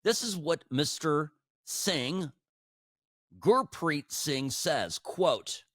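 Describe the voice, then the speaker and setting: A man hosting a political commentary podcast talks animatedly and sarcastically into a studio microphone, restarting often. His slightly high voice draws out words, and there's no echo.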